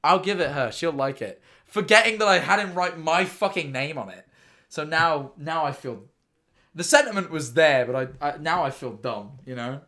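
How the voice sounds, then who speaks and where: A young man streaming casually, reacting excitably and rambling through stories with restarts and swearing. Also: fairly high pitch, moderate pace.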